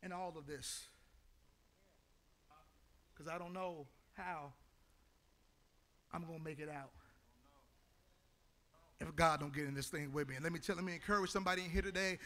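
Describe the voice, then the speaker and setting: A male pastor preaching a sermon in a church, his delivery building into shouted, half-sung lines. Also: a little high, fairly even intonation, moderate pace, long pauses.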